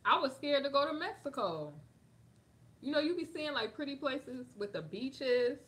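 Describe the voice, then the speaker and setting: Sassy black woman reading news and reacting, bright higher voice. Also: moderate pace. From United States. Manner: sassy, animated, reads an article and comments on it. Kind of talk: casual commentary reading news aloud.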